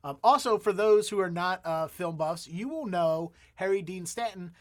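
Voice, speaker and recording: High-pitched male podcast host, chatty and rambling, casual comedic chat. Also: moderate pace.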